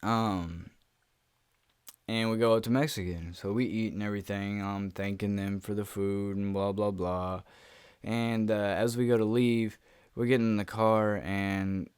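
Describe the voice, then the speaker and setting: A young man with a low, smooth voice tells a casual storytime vlog straight to his viewers. His delivery is profane and animated. The recording is dry and close. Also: unhurried, dry recording. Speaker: YouTuber.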